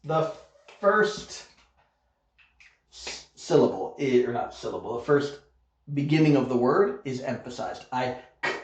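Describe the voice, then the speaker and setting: A man's voice: mid-range voice, lively intonation, unhurried, pauses often. A man teaching an online English grammar lesson, modeling example sentences carefully and checking in with "okay?" as he goes. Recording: echoey room, dull lo-fi sound.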